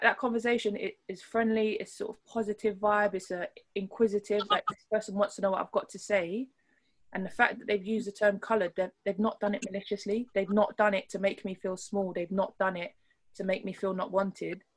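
A woman rugby player talking in an interview, earnest and thoughtful, often restarting her sentences as she works through a point. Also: medium pitch. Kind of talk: interview conversation.

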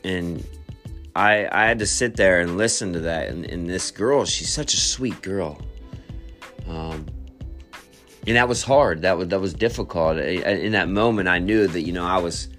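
A man shares a personal testimony in a low, deep voice, speaking quietly and reflectively. He hesitates, stumbles on repeated words and restarts sentences, hunting for what to say, while music plays softly in the background.

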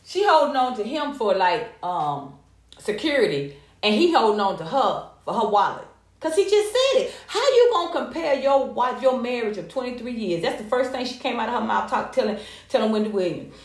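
An American woman giving casual, sassy gossip commentary, animated and profane. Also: a little high, moderate pace. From United States. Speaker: commentary vlogger. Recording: echoey room.

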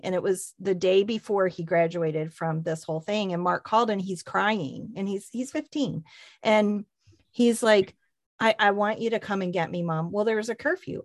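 Brief: woman host, lively storyteller, dry close sound, does the voices in her anecdotes. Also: mid-range voice, dry recording. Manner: animated storyteller, acts out quoted voices. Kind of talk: casual faith-based chat.

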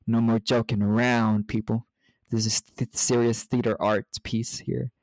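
A man's voice: medium pitch, flat delivery, measured pace, darkish tone, no room sound. Rambling joking American man. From United States. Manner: rambling, joking, laughs often. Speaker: podcast co-host. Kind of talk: casual movie recap chat.

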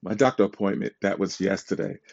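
A man hosting his own podcast, telling casual stories in an animated, self-described dramatic way and laughing often. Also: deep voice, brisk, gravelly. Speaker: podcast host. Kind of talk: casual storytelling monologue. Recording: dull lo-fi recording.

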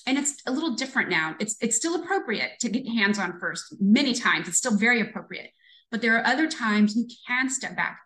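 A woman's voice: fairly high pitch, animated, brisk, fairly bright tone, poor audio. Earnest retired police lieutenant, fifties woman. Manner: earnest, reflective, vivid storytelling with repetitions. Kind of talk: conversational storytelling interview.

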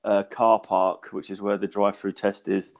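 Groggy, sweary podcast bloke. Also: male voice, lowish voice, flat delivery, normal speed, creaky. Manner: swears a lot, rambling storyteller, laughs mid-sentence. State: groggy and unwell. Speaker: podcast co-host. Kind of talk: casual chat.

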